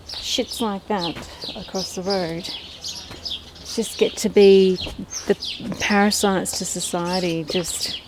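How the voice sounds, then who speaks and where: A woman's voice: mid-range voice, background noise. A woman chatting casually to camera about her poultry in a backyard, talking to her birds as she goes. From Australia. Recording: outdoor recording with loud birdsong.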